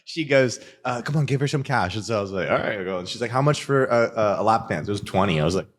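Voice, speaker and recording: A man's voice: fairly low pitch, animated, fast. A young man guest on a podcast, telling crude stories in casual chat and joking and laughing as he goes.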